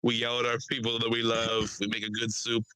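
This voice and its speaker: A young man telling stories on a casual podcast, talking loud, swearing freely and laughing often. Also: medium pitch, completely flat delivery, a little fast, clear, resonant tone, dry recording, rough recording. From Delaware County, Pennsylvania. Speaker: podcast host.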